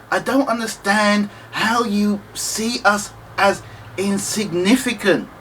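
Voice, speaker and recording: A man in his fifties with a British accent speaks earnestly to camera, stumbling and restarting as he pleads his case. His voice sits a little high for a man. A faint hum of ambient noise runs behind him. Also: fairly bright tone, low-quality recording. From United Kingdom, Nigerian family. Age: 50s. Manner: earnest and halting, with many restarts and pleas. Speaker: vlogger. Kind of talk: impassioned monologue to camera.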